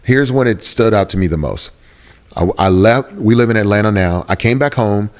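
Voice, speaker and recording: A man's voice: on the low side, normal speed. A man speaking as an interview guest, telling a personal story in an earnest, searching way and repeating phrases for emphasis. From Houston, Texas.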